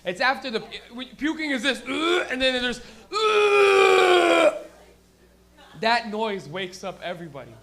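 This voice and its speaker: A young man emcees a stand-up show at a small venue, giggling through rambling, stoned exchanges with the audience. His high-pitched voice is pushed and bright, fairly quick, with few pauses.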